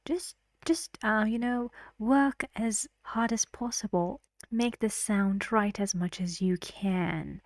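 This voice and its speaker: A woman's voice: medium pitch, steady tone, takes it slowly, hardly any pauses, a little mellow, dry recording. A woman teaching English pronunciation in an online lesson, patiently drilling stress patterns and often dropping into a whisper. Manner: chants stress patterns in syllables.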